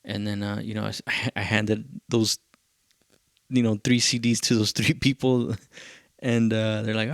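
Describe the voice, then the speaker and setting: A man's voice: fairly low pitch, little pitch movement, unhurried, creaky, dry recording, clean studio sound. A male podcast host, telling a loose, profane story in a casual rambling way and dropping in Spanish phrases.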